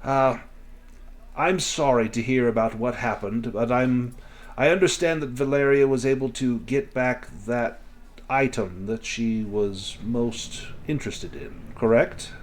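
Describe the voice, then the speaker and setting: A man voicing a wealthy, affable male merchant who talks in a smooth, courteous, ingratiating way. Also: mid-range voice, unhurried, lightly acted. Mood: polite.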